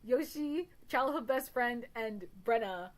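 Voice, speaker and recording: A woman's voice: on the high side, animated, slow pace, rough recording. A young woman hosting a casual chat, rambling through stories, swearing freely and laughing often. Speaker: podcast host.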